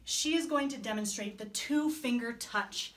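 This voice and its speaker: A woman's voice: on the high side, moderate pace, a bit bright. Woman walking volunteers through a training video, friendly and chatty, lots of ums. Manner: friendly, chatty explainer with fillers.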